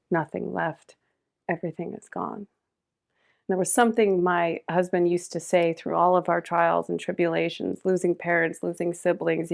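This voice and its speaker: Gravelly middle-aged woman telling a painful story. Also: on the low side. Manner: emotional, swinging between loud urgency and hushed quiet. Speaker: podcast guest. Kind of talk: personal storytelling in an interview.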